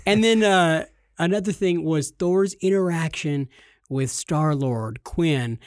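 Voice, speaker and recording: Male co-host, fairly high voice, excitable and giggly, dry close recording. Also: slow pace, dry recording. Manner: excitable, laughs often, stumbles over names. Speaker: podcast co-host. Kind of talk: casual chat.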